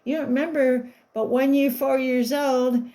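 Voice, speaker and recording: A woman's voice: high voice, fairly even intonation, normal speed, dark tone, voice pushed up, natural voice. A woman voicing an adult woman babysitter who talks in a breezy, offhand way. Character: chatty adult woman babysitter recalling the past.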